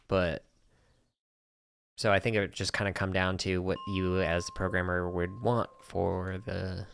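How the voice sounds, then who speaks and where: A man's voice: sits low, vocal fry, smooth, dry recording. A man streaming a farming game, chatting casually and muttering to himself as he plays. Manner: relaxed, talks to himself while playing. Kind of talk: casual gaming stream chat.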